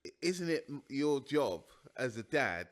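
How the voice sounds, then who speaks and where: A man in a casual podcast discussion who asks questions and gently pushes back. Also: mid-range voice, sing-song, a little slow.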